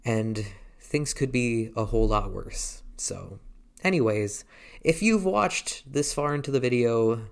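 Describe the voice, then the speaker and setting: A man's voice: medium pitch, lively intonation, a little slow, gravelly. Hesitant man in his thirties vlogging. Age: 30s. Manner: hesitant, rambling, many restarts. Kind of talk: casual vlog talk. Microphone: handheld camera.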